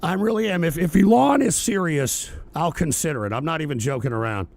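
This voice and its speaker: A man hosting a live political talk stream, ranting and swearing and often shouting angrily at viewers in the chat. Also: a little high, lively intonation, brisk, dry recording.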